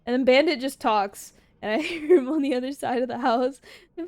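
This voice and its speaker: A woman's voice: sits high, fairly quick, darkish tone, no room sound, studio quality. A woman streamer in casual livestream chat, answering viewer questions, laughing often and swearing freely.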